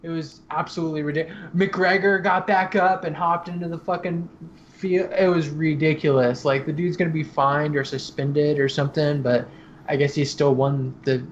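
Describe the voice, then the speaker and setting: A man's voice: fairly high pitch, steady tone, moderate pace, highs cut off, slight background noise. A man co-hosting a casual podcast, swearing often as he retells events with animation. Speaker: podcast co-host. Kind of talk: casual chat.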